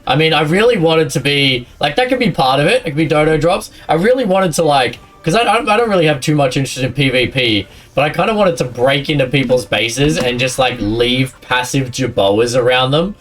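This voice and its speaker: A man's voice: on the high side, lively intonation, brisk, few pauses, fairly bright tone, far from the mic, soft background music. A man streaming a game, chatting casually with his viewers and a friend, often laughing and rambling. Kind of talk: casual live-stream chat while gaming.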